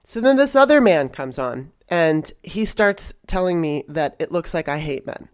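A woman's voice: deep voice, animated, moderate pace. A woman co-hosting a podcast, talking bluntly and heatedly and swearing freely in casual chat. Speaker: podcast co-host.

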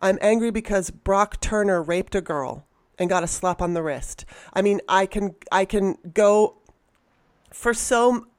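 A woman's voice: medium pitch, unhurried. Blunt, heated woman co-host. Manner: blunt, heated, swears freely. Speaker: podcast co-host. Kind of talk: frank casual chat.

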